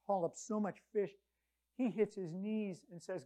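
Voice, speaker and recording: A woman preaching a conversational sermon, retelling scripture stories with lively quoted voices. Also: mid-range voice, moderate pace.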